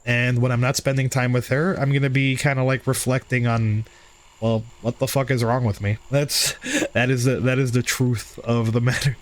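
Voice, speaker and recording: A man's voice: medium pitch, level tone, moderate pace. A man hosting a livestream and chatting candidly with viewers, swearing freely and being hard on himself. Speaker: livestream host. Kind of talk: casual stream chat.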